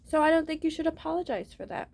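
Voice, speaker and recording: A vlogger with a high, expressive, gravelly, slightly mellow voice talks fast to her viewers in a rambling, casual monologue. She swears freely and keeps starting with "listen".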